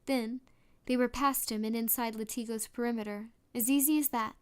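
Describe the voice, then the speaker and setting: A woman narrates a novel aloud in a smooth, clear voice that sits a little high. She reads steadily and stumbles now and then, restarting a word and going on. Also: steady tone, normal speed. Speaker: audiobook reader. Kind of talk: storybook narration.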